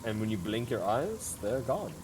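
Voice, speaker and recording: A man narrating as game master, relaxed and playful. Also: mid-range voice, normal speed, noisy background.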